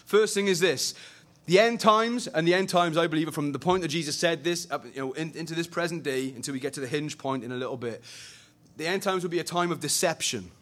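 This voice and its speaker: A young man preaching a sermon, animated and conversational, swinging between loud emphasis and quiet earnestness. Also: a little high, quick pace.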